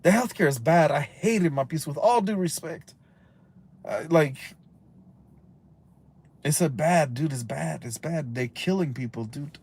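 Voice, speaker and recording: A man ranting on a livestream, rambling and cursing, dropping Spanish slang, swinging from loud outbursts to low mutters. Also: lively intonation, measured pace, long pauses, husky. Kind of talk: casual rambling livestream rant.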